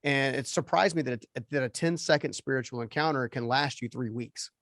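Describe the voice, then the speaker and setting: A man's voice: medium pitch, moderate pace, a bit bright, dry recording, studio quality. A man hosting an interview, talking in a searching, rambling way and checking in with "right?". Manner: searching, repeats words and restarts, ends points with "right?". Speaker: podcast host. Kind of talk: casual interview chat.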